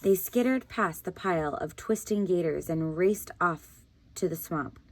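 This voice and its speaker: Woman teacher, storybook read-aloud, unhurried, lowish voice, dry sound. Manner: calm, deliberate storybook narration. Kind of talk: picture book read-aloud.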